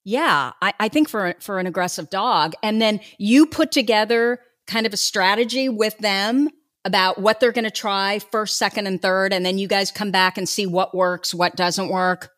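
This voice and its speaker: A woman hosting a podcast interview, animated, laughing often and asking eager follow-up questions. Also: medium pitch, moderate pace. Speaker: podcast host.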